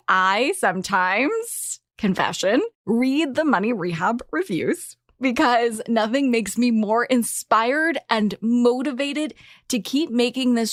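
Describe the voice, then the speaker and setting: A woman's voice: fairly high pitch, no echo, clean studio sound. A woman hosting her own podcast, reading a scripted monologue in a candid, chatty way with playful slang. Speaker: podcast host.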